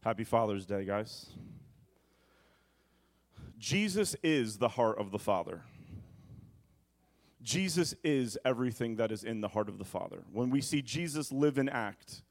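A man's voice: medium pitch, animated, measured pace, long pauses. A male pastor preaching a sermon, reading scripture aloud dramatically and breaking off into asides to the congregation.

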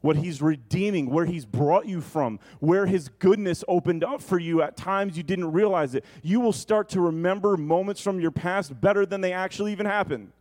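A man preaching a sermon, animated and conversational, often asking the congregation questions. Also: high voice, normal speed, hardly any pauses.

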